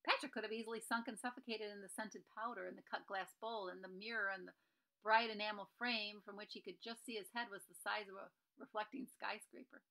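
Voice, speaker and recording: A woman's voice: mid-range voice, steady tone, fairly quick, creaky, pushed and bright, poor audio. A woman reading a children's novel aloud, breaking in now and then to explain the story. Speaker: reader.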